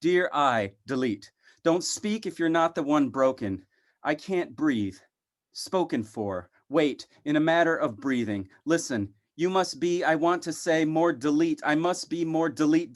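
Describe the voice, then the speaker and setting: A poet giving a poetry reading, speaking in short, halting phrases broken by pauses and repeating words like a refrain. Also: male voice, fairly high pitch.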